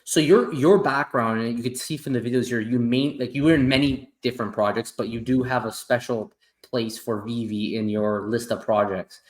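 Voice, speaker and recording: An upbeat man hosts a casual talk show and plugs his community between questions to his guest. He speaks at an everyday middle pitch in an easy, chatty way. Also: normal speed. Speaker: channel host. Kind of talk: casual interview chat.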